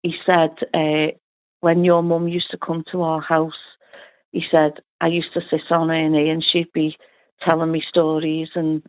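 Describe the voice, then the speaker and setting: A woman's voice: deep voice, completely flat delivery, unhurried. A middle-aged woman with a Liverpool accent, telling her family story in an interview, chatty and full of quoted dialogue. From Liverpool, England. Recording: tinny phone-like audio.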